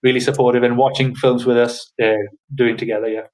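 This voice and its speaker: Hesitant guest with a northern English accent. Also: male voice, medium pitch, fairly quick, rough recording. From Newcastle, northeast England. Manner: hesitant, full of fillers, relaxed. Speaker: podcast guest. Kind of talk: casual podcast chat.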